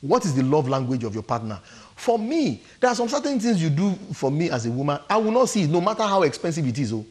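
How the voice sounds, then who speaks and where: This Nigerian-accented man, a guest counsellor on a studio talk show, speaks fast with few pauses in a voice that's on the high side, very animated and a little mellow. His relationship advice is emphatic, full of acted-out quotes and frequent laughter.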